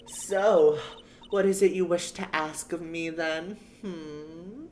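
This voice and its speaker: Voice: mid-range voice, takes it slowly, a little mellow, faint music behind, pitched above the performer's own voice, lightly acted. A streamer voicing a rude, scornful young woman witness in a game, reading the lines aloud with taunting, sneering insults.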